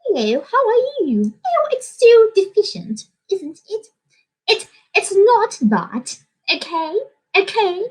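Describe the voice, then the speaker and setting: A woman's voice: very high voice, very animated, takes it slowly, a little mellow, pitched above the performer's own voice, full character voice, rough recording. A woman putting on an exaggerated posh British woman, with sing-song, repeated greetings. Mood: mock-posh.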